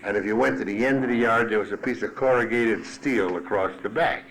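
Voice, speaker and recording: A man's voice: on the low side, brisk, fairly bright tone, slight background noise, rough recording. A man telling his own story at a recovery meeting, blunt and salty-tongued. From Chicago. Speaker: AA speaker. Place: meeting hall at a podium. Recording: archival 1980s meeting tape.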